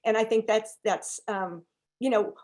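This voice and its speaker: A woman's voice: fairly high pitch, steady tone, measured pace, a little mellow. A woman co-hosting a casual video-call chat who encourages the host and asks her questions.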